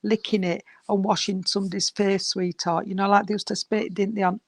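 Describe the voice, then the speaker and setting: Gravelly woman giving a reading. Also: medium pitch, little pitch movement, brisk, dry recording. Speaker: spiritual medium.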